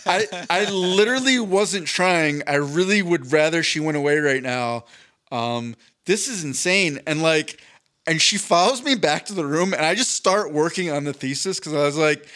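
A man's voice: a little high, animated, normal speed, fairly bright tone. A young man tells a story on a casual podcast, candid and freely profane. He makes fun of himself as he goes along. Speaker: podcast co-host.

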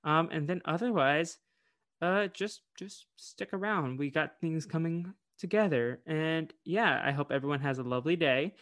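A man's voice: fairly high pitch, moderate pace, fairly bright tone. A man hosting a podcast, chatting casually and playfully as he rattles through plugs. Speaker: podcast host. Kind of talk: casual chat.

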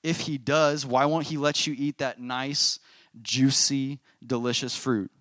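Man doing a sly serpent tempter, hushed and coaxing, storybook reading. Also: medium pitch, fairly even intonation, measured pace, no room sound, studio quality, close to an everyday voice.

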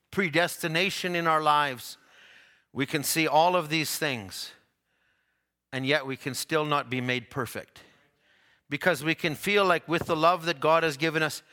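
Animated, bright-voiced male preacher. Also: unhurried. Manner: animated storytelling, voice climbing high at dramatic moments; drops to soft low tones for tender quotes. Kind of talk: sermon.

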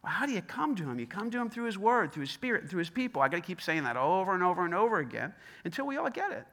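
A man's voice: high-pitched, bright, forceful tone. A man preaching a sermon in an emphatic, conversational way, often repeating himself. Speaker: pastor.

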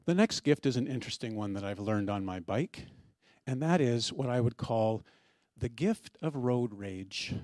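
Middle-aged male pastor, mid-range voice, relaxed storytelling sermon with light humor, dry recording. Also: medium pitch, moderate pace, no room sound. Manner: conversational storytelling with gentle humor.

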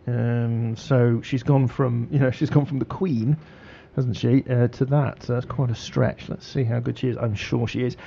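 Male radio host, dark gravelly tone, muffled broadcast sound, rambling delivery. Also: medium pitch, fairly even intonation. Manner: halting, many fillers and restarts. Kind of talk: casual radio chat.

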